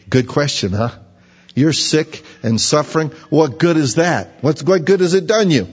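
A man's voice: fairly high pitch, expressive, moderate pace, breathy edge. A man preaching a sermon, teaching through a Bible passage in a folksy, conversational way. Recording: lo-fi recording with long hall reverb.

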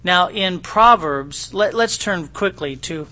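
A middle-aged man delivers a sermon as if chatting with his congregation. His voice sits high and rings bright. He keeps checking in with his listeners in a homespun, folksy manner. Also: lively intonation, takes it slowly. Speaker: pastor. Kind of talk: conversational sermon.

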